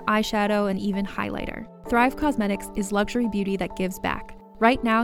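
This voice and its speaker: A woman doing a friendly, conversational sponsor read. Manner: friendly, conversational product pitch. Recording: music bed under the voice.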